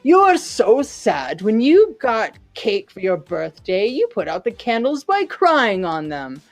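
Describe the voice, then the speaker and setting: A woman's voice: on the high side, wildly swooping pitch, unhurried, faint music behind. A woman voicing a taunting older man trading insults at a party in a tabletop game.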